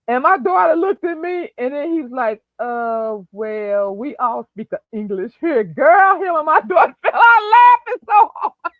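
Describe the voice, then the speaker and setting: A woman's voice: sits high, no echo. A woman calling in to a live stream, chatting casually and telling a story in a friendly, talkative way. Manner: chatty, addresses the host as "girl". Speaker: call-in guest on a live stream. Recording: tinny phone line.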